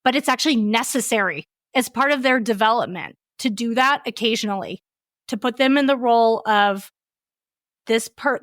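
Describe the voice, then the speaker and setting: Co-host: a woman with a higher voice, explanatory and reflective, dry close mic. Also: fairly bright tone, no echo. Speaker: podcast co-host. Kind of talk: conversational podcast discussion.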